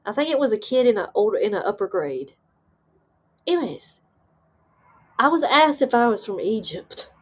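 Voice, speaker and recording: A woman hosting a livestream, chatting casually with viewers and reading their comments aloud, rambling and excitable with bursts of laughter. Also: medium pitch, normal speed, pauses often, breathy edge. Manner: chatty and rambling, trailing off often. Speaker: livestream host.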